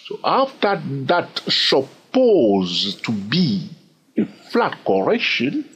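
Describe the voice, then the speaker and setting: A husky man with a French accent walks viewers through a trading chart. His pitch moves a lot, and he keeps checking in with "yes or no?" He skips steps with "blah, blah.". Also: wildly swooping pitch, very slow, fairly bright tone. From France. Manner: repetitive, asks "yes or no?" often; says "blah, blah" to skip steps. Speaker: trading educator. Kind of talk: screen-share chart lesson.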